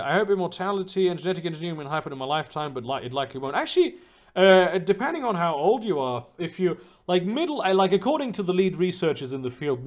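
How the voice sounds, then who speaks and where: Rambling, lively young man streamer. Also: a little high. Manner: rambling, profane, with many fillers and restarts. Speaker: streamer answering chat. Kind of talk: casual livestream chat.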